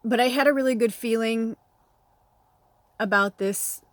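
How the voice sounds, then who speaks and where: A woman's voice: on the high side, unhurried, no room sound. Chatty woman spiritual reader, rambling. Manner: rambling, chatty, laughs often, swears casually; emotional, near tears. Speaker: tarot reader and medium. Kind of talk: casual spiritual vlog chat.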